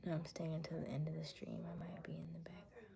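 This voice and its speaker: Soft-spoken young woman streamer, lowish voice. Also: steady tone, fast talker, gravelly, a crowd in the background. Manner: chatty, often drops to a near whisper. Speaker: livestream host reading chat. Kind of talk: casual chat.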